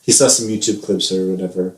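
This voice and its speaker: A man's voice: low-pitched, fairly even intonation, fast. Chatty man in an echoey room. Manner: chatty, rambling, laughs often. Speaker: podcast co-host. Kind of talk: casual chat. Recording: roomy echo.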